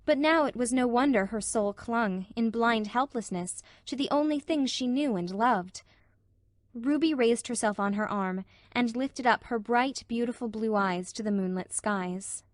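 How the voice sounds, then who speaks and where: Woman narrating an audiobook, fairly high. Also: unhurried, dry recording, studio quality. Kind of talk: scripted narration.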